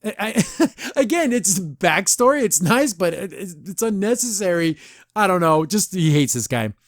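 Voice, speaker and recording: A man's voice: high voice, sing-song, normal speed, dry recording, studio quality. A man hosting a podcast, casually reviewing an episode, rambling and laughing often. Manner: chatty, rambling, laughs often, says "I don't know" a lot. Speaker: podcast host.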